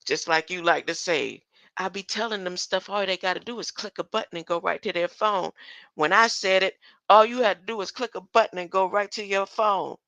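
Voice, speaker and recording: Older woman, rambling monologue, keeps saying huh, chuckles, bright voice, dry close sound. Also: medium pitch, fairly quick, dry recording, highs cut off. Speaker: online commentator.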